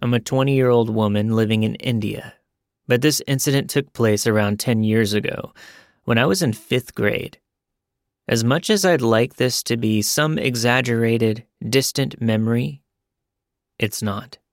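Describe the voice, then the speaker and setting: Male narrator, gravelly tone, dry close read, scripted storytelling. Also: medium pitch, unhurried, dry recording. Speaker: podcast narrator. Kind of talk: scripted narration of listener stories.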